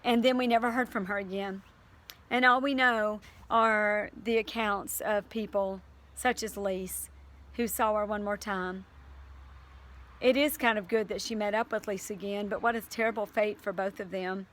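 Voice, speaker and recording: A woman's voice: medium pitch, steady tone, normal speed, fairly bright tone. A woman teacher reading aloud to her class and then talking it over earnestly, with fillers and restarts.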